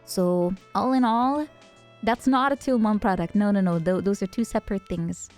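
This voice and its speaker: A woman's voice: mid-range voice, normal speed, a little mellow, soft background music. A woman streamer chatting casually with her viewers, laughing often and greeting them by name. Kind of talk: casual livestream chat.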